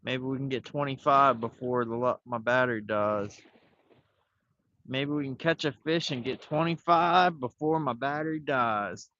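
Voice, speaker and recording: A man's voice: mid-range voice, measured pace, bright, forceful tone, no room sound. Laid-back man fishing, lo-fi phone audio. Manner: laid-back, talks to himself while fishing. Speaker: fishing livestream host. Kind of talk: casual rambling live chat. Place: outdoors by the water, fishing.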